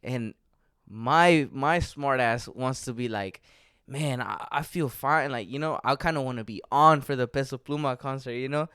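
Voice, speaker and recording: A man's voice: mid-range voice, moderate pace, fairly bright tone, clear, resonant tone, no room sound, clean studio sound. A young man co-hosting a podcast, telling stories in a casual, joking way and laughing often. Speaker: podcast co-host. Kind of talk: casual chat.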